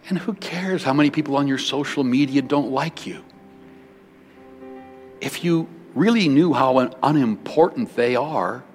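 A man preaching a sermon as pastor in a large church building, switching between loud bursts and hushed words. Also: medium pitch. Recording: long hall reverb.

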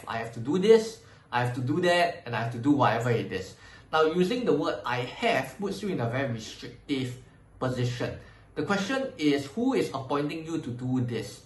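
A man's voice: mid-range voice, echoey room, rough recording. A man hosting a motivational self-help podcast. He speaks conversationally and often acts out his own inner voice. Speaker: podcast host.

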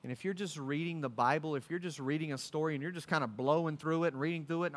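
A man preaching a sermon, telling a story in an animated way with casual slang. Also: on the high side, rapid-fire, few pauses, big-room sound.

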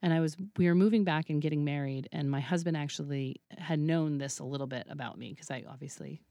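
A woman's voice: low voice, quick pace, no echo, highs cut off. A woman guest in a casual interview, telling stories with a lot of laughter and acting out the dialogue she quotes. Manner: animated, laughs often, acts out quoted dialogue. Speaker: podcast guest, burlesque troupe founder.

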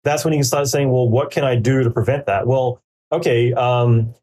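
Man, mellow tone, casual podcast chat, rambling with lots of fillers, acts out quoted thoughts. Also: mid-range voice, steady tone, normal speed. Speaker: podcaster giving career advice. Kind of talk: casual conversational interview.

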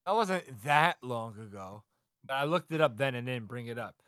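A man co-hosting a casual podcast, retelling a manga chapter in an animated way, acting out the characters and laughing as he goes. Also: mid-range voice, normal speed, no echo, studio quality. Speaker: podcast co-host.

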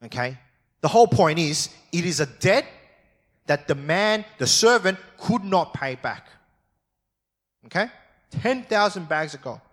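A man's voice: high-pitched, lively intonation, measured pace, pauses often, fairly bright tone. A man preaching a sermon as pastor, talking with his listeners in a conversational way, often checking in with them, and reading scripture aloud with expression. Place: church service.

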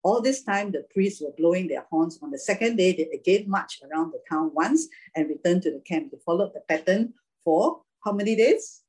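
A woman's voice: lowish voice, lively intonation, moderate pace, a little mellow, slightly rough, low-quality recording. A woman preaching an informal sermon, chatty, often asking her listeners questions and laughing.

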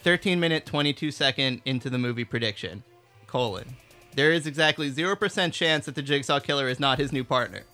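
A young man co-hosting a casual movie review podcast, animated, laughing often and swearing casually. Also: medium pitch, fairly quick, faint music behind. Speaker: podcast co-host.

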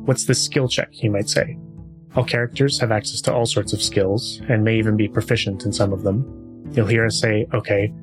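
Easygoing man running a tabletop game. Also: lowish voice. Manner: easygoing, with frequent filler sounds. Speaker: game master and podcast host. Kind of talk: casual podcast chat and tabletop game narration.

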